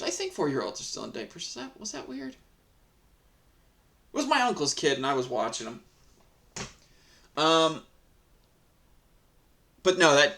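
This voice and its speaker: A man reads internet stories aloud in a loose, casual way, stopping often to vent. His voice is bright and sharp. He swears freely, rambles through fillers, and sounds openly irritated with the people in the story. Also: a little high, lively intonation, normal speed, pauses often. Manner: profane, irritated ranting. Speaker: reddit story reader. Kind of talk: casual story reading with commentary.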